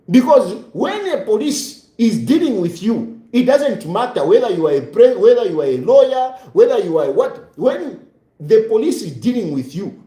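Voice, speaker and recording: A Zambian man giving a ranting commentary, scolding and repeating himself and rising to shouts. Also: high-pitched, roomy sound.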